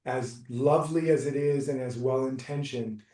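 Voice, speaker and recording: A man coaching someone through a live session, talking in a soft, reassuring, unhurried way. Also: medium pitch. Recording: roomy, distant from the mic.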